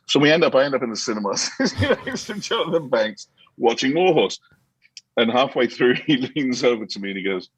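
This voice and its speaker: Husky man telling lively set stories. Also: medium pitch, fairly quick, no echo, rough recording. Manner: animated anecdotes, many restarts, acts out quotes. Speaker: actor guest. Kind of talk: casual interview storytelling.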